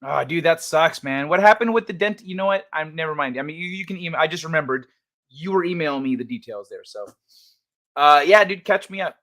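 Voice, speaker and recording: A man's voice: fairly high pitch, lively intonation, brisk, a bit bright. A man hosting a casual live stream, chatting loosely with his viewers, swearing and laughing often as he reacts to the chat. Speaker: livestream host.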